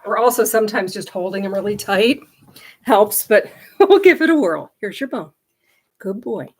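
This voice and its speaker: A woman's voice: mid-range voice, animated, moderate pace, slightly rough. A middle-aged woman hosting a casual livestream, chatty and laughing often as she talks to viewers and her dog. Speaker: livestream host.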